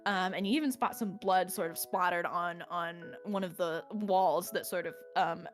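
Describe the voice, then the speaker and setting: A woman's voice: fairly low pitch, normal speed. A woman running a tabletop fantasy game as game master, describing scenes at length with frequent "um"s and light laughs. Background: faint background music.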